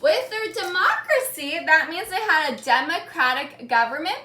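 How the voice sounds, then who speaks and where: A woman teacher with a high, bright voice leads a call-and-response lesson. She speaks slowly and clearly, pausing so the class can echo each key word. The room rings with noticeable echo. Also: very animated.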